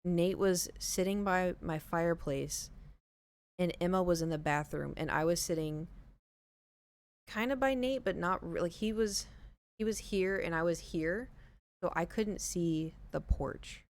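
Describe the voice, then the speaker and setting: A woman's voice: fairly low pitch, a little slow. A young woman streaming, casually retelling a story to her chat with lots of "like" and acted-out dialogue. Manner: chatty, lots of "like" and retold dialogue; drops to a hushed voice. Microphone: headset, later taken off.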